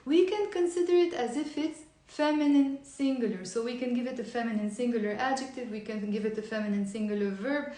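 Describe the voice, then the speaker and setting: A woman with a Lebanese accent teaches a live online Arabic lesson in a slightly high voice. She patiently drills words and has learners repeat after her. The sound carries the echo of a bare room. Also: fairly quick, hardly any pauses, warm tone.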